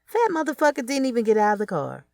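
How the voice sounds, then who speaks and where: A woman's voice: a little high, big pitch swings, quick pace, vocal fry, a little mellow, no room sound. A woman narrating a first-person audiobook in a blunt, profane, streetwise way.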